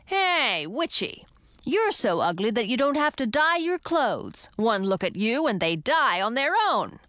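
A woman's voice: medium pitch, animated, measured pace, no room sound, studio quality, close to an everyday voice. A woman voicing a boastful, whiny male frog prince in an audiobook, with brash, mocking taunts. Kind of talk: audiobook character voice.

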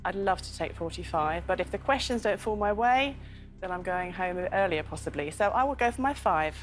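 A woman's voice: on the low side, lively intonation, faint music behind, rough recording. A middle-aged woman, a quiz show contestant, chatty and a bit hesitant. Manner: chatty, hesitant, with filler pauses. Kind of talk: casual answers on a game show.

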